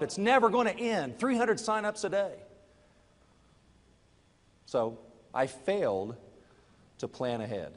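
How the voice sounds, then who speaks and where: A middle-aged man giving a motivational talk to a live audience, telling a personal story and moving between quiet confession and loud urging. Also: on the high side, long reverb tail. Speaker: network marketing speaker.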